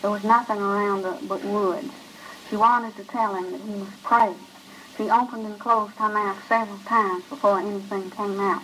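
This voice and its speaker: A woman narrating a short story in a measured, even voice. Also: medium pitch, a little hiss or hum, rough recording. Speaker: reader.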